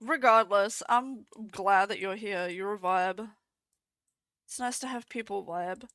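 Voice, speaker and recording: A woman's voice: mid-range voice, a little slow, fairly bright tone, dry recording. A young Australian woman, stoned, chatting crudely with her stream chat and swearing freely.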